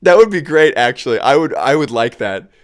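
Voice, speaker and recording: An American man hosts a casual solo podcast, sounding tired and rambling as he makes self-mocking jokes and laughs at them himself. His voice is medium-pitched and animated at a normal speed.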